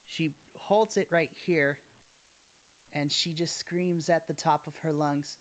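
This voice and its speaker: A man's voice: on the high side, fairly even intonation, slow, poor audio. A man narrating a tabletop game as its game master in a laid-back, descriptive way. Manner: laid-back, descriptive, chuckles between lines. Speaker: dungeon master.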